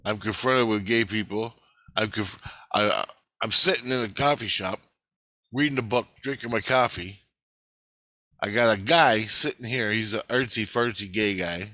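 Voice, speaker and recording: A man's voice: fairly low pitch, moderate pace, pushed and bright, no echo. Blunt, profane man telling a story. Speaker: vlogger recounting a dream. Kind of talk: casual rambling storytelling.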